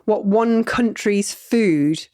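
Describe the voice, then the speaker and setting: A woman hosting a podcast, bubbly and quick to laugh at herself in casual chat. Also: medium pitch, warm tone, smooth. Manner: bubbly, giggly, self-mocking. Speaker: podcast host.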